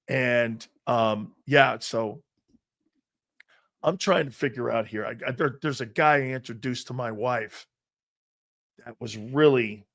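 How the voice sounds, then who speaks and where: A man hosting a sports talk show, rambling through stories and growing animated as he reads out a list. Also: mid-range voice. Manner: rambling storyteller, animated when reading a list. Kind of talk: casual sports talk monologue.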